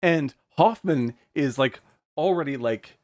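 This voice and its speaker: A man co-hosting a casual film podcast, retelling scenes with lively acted-out voices and frequent laughter. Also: a little high, unhurried, no room sound, clean studio sound. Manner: animated, acts out film scenes in put-on voices, laughs often. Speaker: podcast co-host.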